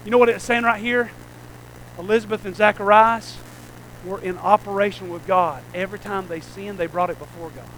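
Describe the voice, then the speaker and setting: Pastor, man, preaching with rhetorical call-outs; notably high-pitched voice. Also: steady tone, brisk, fairly bright tone, a little hiss or hum, rough recording. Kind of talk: sermon.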